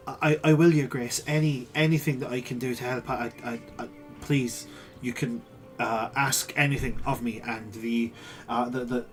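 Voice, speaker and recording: A very young, nervous noblewoman who stammers, flustered and eager to serve, as a man puts her on. The voice stays at a middling pitch over faint music. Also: close to an everyday voice.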